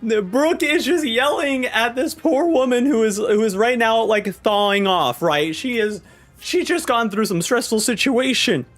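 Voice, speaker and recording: A man hosting a manga reaction video, reading the chapter aloud and reacting with excitable energy. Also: very high-pitched, unhurried. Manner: animated and excitable, acts out characters' lines. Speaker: manga reaction channel host.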